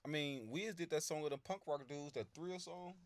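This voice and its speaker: A man's voice: on the high side, brisk, dry recording. A man co-hosting a casual podcast chat, insistent and repeating himself to hold the floor. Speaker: podcast co-host.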